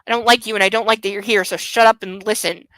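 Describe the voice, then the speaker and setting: A woman's voice: medium pitch, fairly even intonation, quick pace, fairly bright tone, dry recording, natural voice, rough recording. A woman voicing a grumpy older male dog who talks in a curt, bossy way. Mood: gruff.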